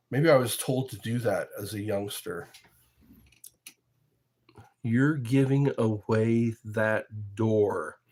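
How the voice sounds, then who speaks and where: A man casually chatting with viewers on his livestream, rambling and joking, reading comments aloud and often laughing at his own jokes. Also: medium pitch. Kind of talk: casual chat with live viewers.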